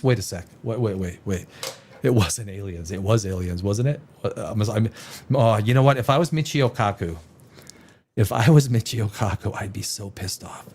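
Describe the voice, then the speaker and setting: A man's voice: fairly low pitch, moderate pace, darkish tone, breathy edge. A man hosting a live stream, reacting to headlines with sarcastic, rambling casual commentary.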